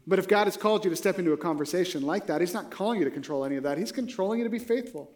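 A man delivers a sermon in a loose, conversational style, with frequent rhetorical check-ins. His voice sits notably high for a man. He sounds like he is talking the congregation through a story. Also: fast talker, hardly any pauses. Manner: conversational, rhetorical "right?" asides. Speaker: preacher.

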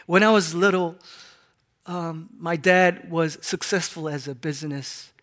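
A man in his forties from Hong Kong delivers a sermon from the pulpit. His voice sits high for a man, and he swings from ringing, emphatic declarations to soft, hushed lines. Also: a little slow. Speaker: pastor.

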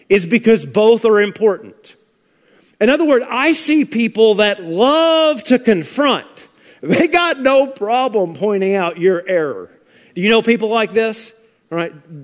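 A man preaching a sermon as pastor, emphatic and sarcastic, swinging from loud punches to hushed lines. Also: high-pitched. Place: large church sanctuary. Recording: long hall reverb.

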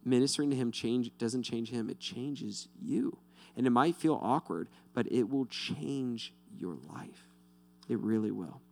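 Gravelly-voiced pastor preaching casually. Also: male voice, mid-range voice, measured pace. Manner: talks directly to listeners, often asking "right?". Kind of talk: casual conversational sermon.

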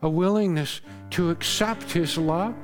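A man preaching a sermon as pastor, earnest, rising to loud emphasis and dropping to hushed tones. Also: fairly high pitch, a little slow, long reverb tail, faint music behind. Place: church sanctuary.

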